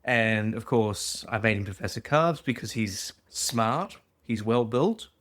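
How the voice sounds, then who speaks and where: A man's voice: on the low side, expressive, a little slow, a bit bright. A man guesting on a podcast, chatting casually with dry, matter-of-fact humour. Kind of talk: casual chat.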